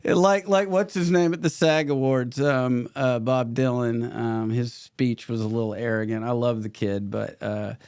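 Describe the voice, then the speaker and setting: A man's voice: mid-range voice, fairly even intonation, measured pace, hardly any pauses, a little mellow, clean tone, dry recording, clean studio sound. A middle-aged man, a podcast guest and actor, telling his story candidly, swearing freely and laughing between stories.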